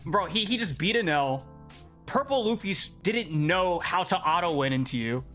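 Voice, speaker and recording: Animated young man with a bright voice. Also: sits high, normal speed, soft background music. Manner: animated storytelling, exasperated, repeats himself. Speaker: podcast guest. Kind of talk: casual podcast chat.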